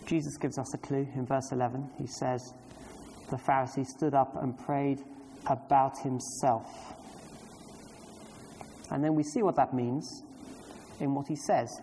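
A man's voice: mid-range voice, steady tone, measured pace, long pauses, mellow, a little hiss or hum. Guy preaching, emphatic, asks the room questions, big echoey hall. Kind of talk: sermon. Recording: long reverb hall, faint ambience.

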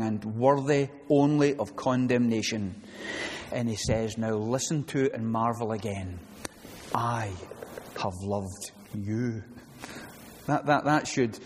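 A man's voice: medium pitch, a little mellow. Male pastor preaching in an echoey hall. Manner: conversational preaching with frequent restarts and acted quotes. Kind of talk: sermon. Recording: reverberant hall with faint ambience.

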